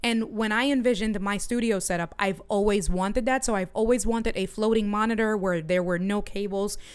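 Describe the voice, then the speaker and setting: A woman's voice: mid-range voice, normal speed, clean tone. Chatty woman streamer telling a story. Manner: animated storytelling, talks to chat. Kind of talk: casual livestream chat. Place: home studio.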